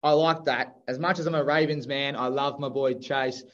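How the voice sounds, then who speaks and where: A man's voice: medium pitch, steady tone, moderate pace, a bit bright, highs cut off. An Australian man co-hosting a podcast, talking sports picks in an enthusiastic, chatty way. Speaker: podcast co-host. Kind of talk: casual sports chat.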